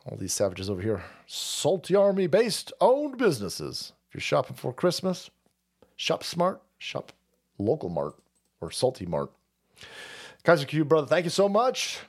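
A man's voice: on the high side, big pitch swings, moderate pace, vocal fry. A foul-mouthed man hosting a livestream, reading viewer chats and rambling through his commentary with frequent restarts. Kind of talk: casual profane stream commentary.

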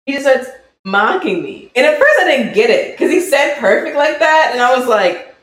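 A podcast co-host telling a story in a casual live-stream chat, animated and laughing often. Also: high voice, normal speed. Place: indoor room, streaming live. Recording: roomy echo, faint background hum.

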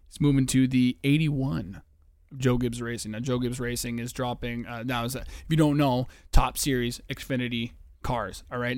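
A man's voice: mid-range voice, no room sound, studio quality. A man hosting a casual solo podcast, rambling with lots of fillers, restarts and swearing. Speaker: podcast host.

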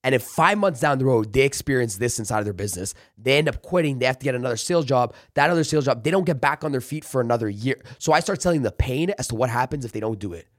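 A man's voice: mid-range voice, animated, quick pace, few pauses, no echo, studio quality. A man talking as a sales trainer in a casual podcast interview, emphatic and coaching, acting out pep talks. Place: office.

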